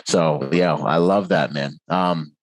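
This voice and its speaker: A man's voice: a bass voice, slow pace, dry recording. A man hosting a podcast, talking casually and enthusiastically, agreeing often with his guest. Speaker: podcast host.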